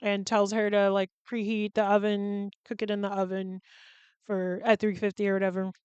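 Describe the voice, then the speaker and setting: Chatty woman with a smooth, crisp voice. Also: medium pitch, level tone, normal speed, darkish tone, no echo, lo-fi sound. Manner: candid and chatty, swears freely and laughs mid-sentence. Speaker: podcast host. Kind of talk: casual chat.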